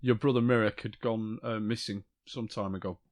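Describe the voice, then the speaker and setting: A man playing a tabletop game, speaking in character in a halting way, searching for his words. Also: lowish voice, fairly even intonation. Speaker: player. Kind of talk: in-character tabletop role-play.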